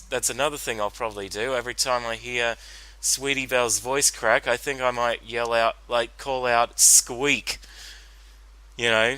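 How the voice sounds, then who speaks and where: A man's voice: medium pitch, pushed and bright, clean tone, no echo, poor audio. A man giving a solo commentary on a cartoon episode, rambling with many fillers and restarts. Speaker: reaction commentator.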